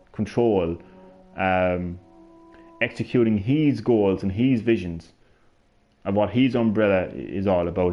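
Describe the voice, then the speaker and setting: Excitable rambling man, low voice. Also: dull audio. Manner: excitable, rambling, swears often, many restarts. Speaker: gaming channel host. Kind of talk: excited rambling lore discussion. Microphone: gaming headset.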